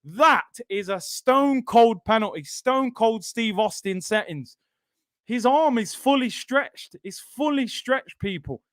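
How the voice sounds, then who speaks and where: A young man reacts live to a football match, his high voice jumping between chatty banter and excited shouts. His tone is smooth and clear, and it sits close and dry with almost no room sound. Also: slow, no echo. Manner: excitable, shouts and repeats himself at big moments, banter with chat. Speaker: football watchalong streamer.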